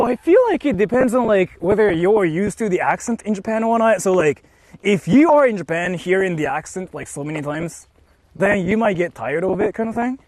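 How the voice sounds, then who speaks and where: A young man strolls outdoors, chatting loosely with his live-stream viewers in a high, slightly mellow voice with no room sound. He rambles, leaning heavily on "like" and restarting his sentences.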